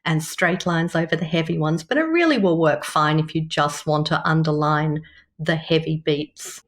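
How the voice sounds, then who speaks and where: A woman with an Australian accent, teaching Shakespeare's verse in a clear, measured way and tapping out the rhythm as she speaks. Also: low voice. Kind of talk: scripted instructional explanation.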